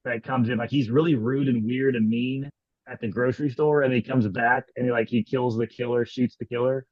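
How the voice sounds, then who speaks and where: A man co-hosting a podcast in casual chat, retelling scenes in a rambling, animated way with lots of "like"s. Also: mid-range voice, a little fast, dry recording. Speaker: podcast co-host. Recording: dull lo-fi sound.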